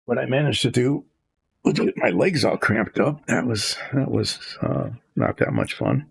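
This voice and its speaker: A mid-range, sing-song voice, creaky with a breathy edge, comes from an older man painting a model as a hobby. Unhurried, he narrates casually while he works and rambles into asides, recorded without echo.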